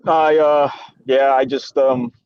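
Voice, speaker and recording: A man's voice: mid-range voice, level tone, slow, clear, resonant tone, dry recording. Rambling man on muffled dry call audio. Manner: rambling, lots of fillers and restarts. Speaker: podcast guest. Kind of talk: casual sports podcast chat.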